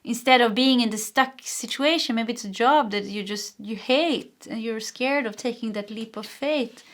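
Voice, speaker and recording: Encouraging woman giving a tarot reading. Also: fairly high pitch. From Sweden. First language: Swedish. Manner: warm, encouraging, rambling with frequent laughs and restarts. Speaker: tarot reader. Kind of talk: pick-a-card tarot reading.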